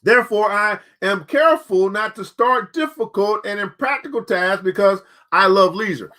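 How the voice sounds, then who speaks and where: Man, high voice, bright tone, preachy motivational host, talks straight to listeners, repeats phrases. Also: moderate pace. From United States. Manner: colloquial, addresses listeners directly. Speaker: show host. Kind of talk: motivational commentary with book reading.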